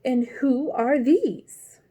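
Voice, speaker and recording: A woman voicing an imperious, furious queen in a storybook reading, shrill and commanding. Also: animated, very slow, dark tone, breathy edge, full character voice.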